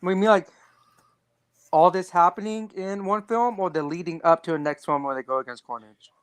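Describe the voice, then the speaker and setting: A co-host in casual podcast chat, giggling often and jumping in with quick follow-up questions. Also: medium pitch, smooth, no echo.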